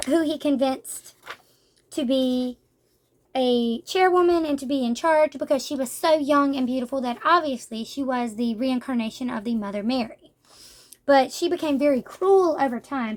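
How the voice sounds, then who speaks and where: A woman with a bright, high voice talks through a manga review. She retells the plot loosely, in a rambling, conversational way. Her speech is full of casual fillers and asides.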